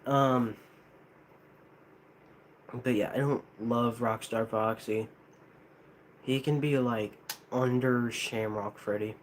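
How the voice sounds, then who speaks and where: A man's voice: mid-range voice, steady tone, slow pace, long pauses, a little hiss or hum. A young American man rambling casually to a live chat, hesitant, with many restarts. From United States. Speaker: streamer.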